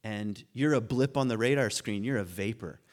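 A man's voice: on the low side, moderate pace. Musing man giving a wry lecture. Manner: musing, wry, laughs at his own points, many restarts. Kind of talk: informal philosophy lecture to a class.

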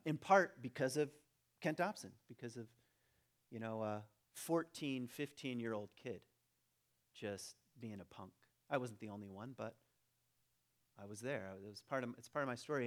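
Candid middle-aged man telling his story. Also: medium pitch. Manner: candid, self-deprecating, many restarts and fillers. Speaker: church teacher. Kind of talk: personal storytelling talk to a congregation.

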